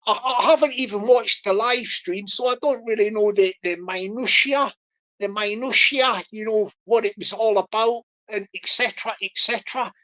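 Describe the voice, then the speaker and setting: A woman's voice: medium pitch, moderate pace, fairly bright tone. A woman livestreamer chatting casually in a rambling way, with many restarts, fillers and small chuckles. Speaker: YouTube livestreamer. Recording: lo-fi dull stream audio.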